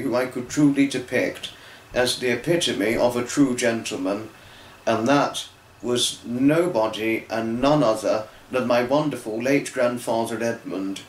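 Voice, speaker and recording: A tearful young man recording a personal vlog, earnest and rambling, with many restarts. His voice sits at an ordinary middle pitch. It echoes around a roomy space, and a faint hum of ambience runs underneath. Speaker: fan vlogger.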